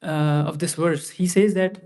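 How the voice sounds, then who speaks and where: Guy teaching a temple scripture class, kinda high voice, chatty, keeps repeating himself. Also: steady tone, unhurried, darkish tone. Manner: conversational, restarts and repeats phrases. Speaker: class speaker.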